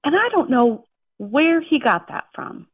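A woman's voice: high-pitched, animated, unhurried, no room sound. A woman from the Chicago suburbs, calling in to a radio show and explaining things in a chatty, friendly way. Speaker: caller. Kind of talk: phone-in chat. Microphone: telephone. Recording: tinny phone line.

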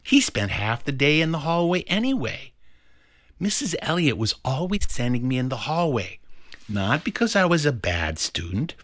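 A man's voice: mid-range voice, moderate pace, dry recording. A man telling a childhood story as a performed storytelling piece, playful and acting out the characters. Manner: animated, playful, acts out every character.

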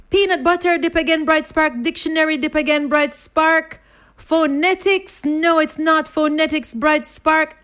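A woman's voice: high voice, fairly bright tone. A woman hosting a radio quiz, reading listeners' answers in a playful, rhyming patter.

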